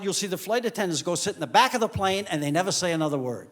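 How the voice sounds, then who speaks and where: A male comedian telling animated stand-up stories on stage, acting out the people in them. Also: high-pitched, a faint crowd. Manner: animated storytelling, acts out characters in quick asides. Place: comedy stage before a live audience. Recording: live club recording with audience noise.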